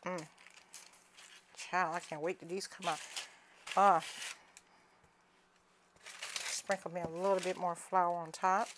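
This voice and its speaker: A woman's voice: fairly low pitch, little pitch movement, slow, pauses often, fairly bright tone, a little hiss or hum. Folksy Southern woman teaching home cooking. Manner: folksy, chatty, calls viewers honey and cousins. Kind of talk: casual cooking demonstration.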